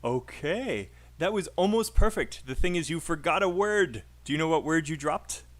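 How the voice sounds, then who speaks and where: A man's voice: a little high, lively intonation, normal speed. Encouraging British male English teacher. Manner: encouraging, coaching, filler-heavy. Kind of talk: online speaking class over voice chat.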